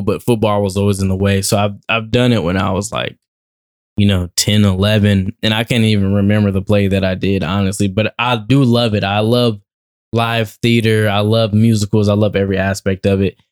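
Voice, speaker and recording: A man's voice: on the low side, fairly even intonation, normal speed, clear, resonant tone. A young man, a guest actor in a casual podcast interview, telling stories animatedly and laughing often.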